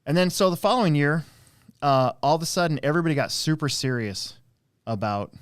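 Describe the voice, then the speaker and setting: A little high and lively in pitch, this man talks fairly quickly and smoothly as he hosts a casual live stream. He runs an RC track and spins rambling racing stories with many fillers and restarts. The sound is clean studio quality with no room tone.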